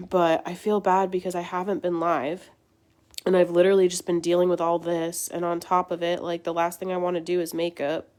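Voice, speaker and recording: A young woman hosts a casual livestream, her voice congested and sore from illness. She talks in a chatty, venting way, low-pitched for a woman, telling her viewers about her frustrations. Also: little pitch movement, fairly quick, darkish tone. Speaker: beauty livestream host.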